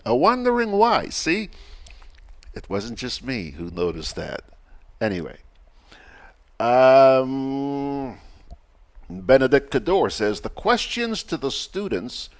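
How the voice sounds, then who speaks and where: A man with a Grenadian accent hosting a morning show, reading out viewer comments in a chatty, playful way with emphatic asides. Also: lowish voice. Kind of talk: casual live chat.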